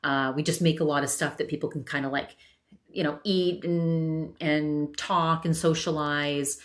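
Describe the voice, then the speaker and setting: A woman hosting a solo podcast, chatting casually and telling a family story with lots of restarts and repeated words. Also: sits low. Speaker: podcast host.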